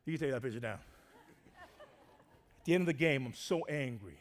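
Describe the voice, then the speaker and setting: A man preaching a sermon to a church, telling a personal story in an animated way that swings between loud and hushed. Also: high voice, brisk.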